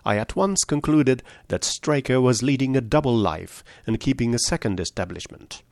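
A man reading a story aloud, voicing a shrewd male detective who lays out his deductions in a measured, precise way. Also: mid-range voice, animated, gravelly, darkish tone, no echo. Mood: explaining.

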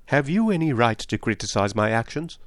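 A man reading an audiobook voices a proud, defiant young wife in a cool, smooth, measured tone, pitched above his own voice. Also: very animated, dry recording, clean studio sound. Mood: cold, defiant.

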